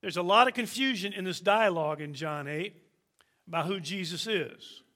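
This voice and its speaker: Guy preaching slow and emphatic, high bright voice, lots of pauses. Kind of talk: sermon.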